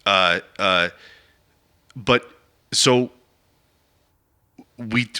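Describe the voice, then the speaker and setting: A man's voice: fairly low pitch, extremely slow, pushed and bright, smooth. A man co-hosting a podcast in casual chat, rambling as he reasons aloud and keeps checking with "right?". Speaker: podcast co-host.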